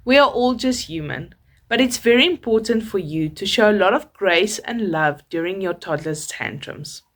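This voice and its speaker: A young woman from South Africa with a South African accent, a mother calmly reading out parenting tips in a measured, advising way. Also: medium pitch. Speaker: parenting vlogger, mother of a toddler. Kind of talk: scripted parenting tips to camera.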